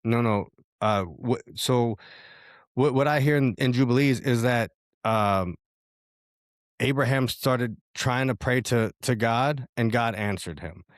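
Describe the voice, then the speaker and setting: A man thinking aloud in a relaxed talk about scripture, stumbling through restarts and fillers before landing on his meaning. His mid-range voice is recorded close and dry. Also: mid-range voice, a little slow, no echo. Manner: hesitant, many restarts and fillers, searching for words. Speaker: podcast co-host. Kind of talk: casual faith discussion.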